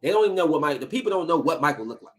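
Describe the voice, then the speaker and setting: A man in his thirties hosting a podcast, giving a casual solo commentary in an animated, emphatic ranting style full of slang. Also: fairly high pitch, racing. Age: 30s. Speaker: podcast host.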